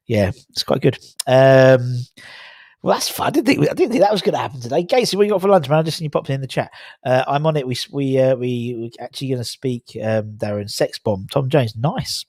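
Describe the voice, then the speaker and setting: A man's voice: medium pitch, animated, a little fast, a little mellow, no echo, clean studio sound. A young man, hosting a casual livestream, reading the chat aloud and laughing at tongue twisters. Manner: chatty, laughing at tongue twisters, rambling with fillers.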